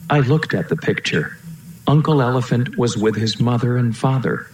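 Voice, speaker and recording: A man reading a children's storybook aloud in a slow, lilting narration. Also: medium pitch, lively intonation, slight background noise. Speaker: storybook reader. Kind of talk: children's book read-aloud. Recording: roomy echo.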